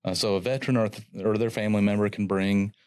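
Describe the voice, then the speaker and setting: A man hosting a casual chat as county clerk, explaining things in a relaxed way with frequent fillers. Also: fairly low pitch, fast, smooth, no room sound, studio quality. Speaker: county clerk and podcast host.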